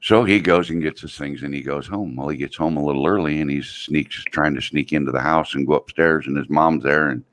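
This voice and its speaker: Very deep-voiced folksy man telling a joke. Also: fairly bright tone. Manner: folksy, drawn-out storytelling. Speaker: drone video host. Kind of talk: storytelling a long joke.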